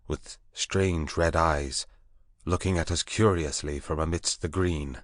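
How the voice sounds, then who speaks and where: A man narrating an audiobook in a measured, deliberate reading voice on a close mic. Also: very deep voice, no echo. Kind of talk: scripted narration.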